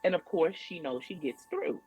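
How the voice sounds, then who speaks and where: A woman's voice: sits low, lively intonation, normal speed, warm tone, faint music behind, rough recording. A woman guest, a yoga teacher, speaking emphatically and directly in a casual chat. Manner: emphatic and direct, spells out firm boundaries.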